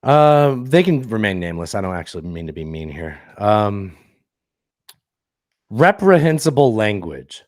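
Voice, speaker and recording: A man's voice: low voice, moderate pace, few pauses, a little mellow, dry recording, studio quality. A man co-hosting a podcast, rambling and swearing freely as he reads a listener review aloud. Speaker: podcast co-host. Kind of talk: casual podcast banter.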